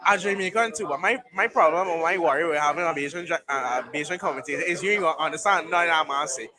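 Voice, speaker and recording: Excitable high-voiced man. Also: quick pace. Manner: excitable, bursts into shouted mock commentary. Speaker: livestream host. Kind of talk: live race watchalong chat. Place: bar and grill. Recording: noisy bar crowd behind.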